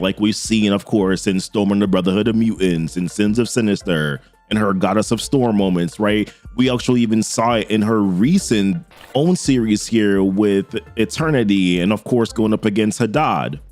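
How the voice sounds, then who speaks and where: A man's voice: lowish voice, darkish tone. A man hosting a comic book channel, recapping a story in an enthusiastic, conversational way with frequent asides.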